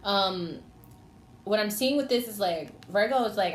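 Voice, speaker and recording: Woman, tarot reader, casual and teasing, mid-pitched voice, echoey room. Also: animated, a little slow. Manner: chatty, teasing, talks to the signs directly. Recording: echoey room with faint noise.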